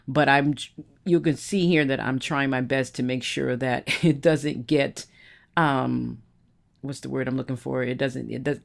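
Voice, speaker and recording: A woman's voice: very deep voice, gravelly. A woman giving a chatty, rambling voice-over while she makes a scrapbook layout at her craft desk, often correcting herself.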